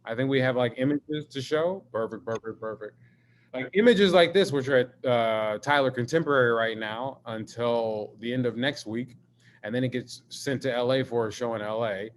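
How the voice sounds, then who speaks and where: A man, an artist, talking in a live-streamed video conversation, an expressive and emphatic storyteller who swears freely. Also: medium pitch, moderate pace, slight background noise. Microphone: video call.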